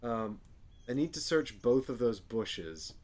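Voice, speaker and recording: A man's voice: mid-range voice, lively intonation, slow pace, darkish tone. A man playing a board game and thinking aloud, sighing and cursing openly when things go wrong. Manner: emotional, sighs and curses at bad luck. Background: background music.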